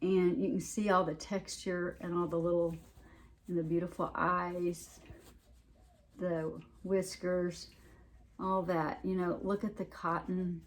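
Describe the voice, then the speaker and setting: A woman with a Southern US accent shows off her needlework in a relaxed, rambling chat. She talks at an unhurried pace with a slightly low voice, and she often restarts her sentences and fills gaps with "um". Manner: chatty, rambling, many restarts and ums. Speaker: cross-stitch vlogger. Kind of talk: casual show-and-tell chat.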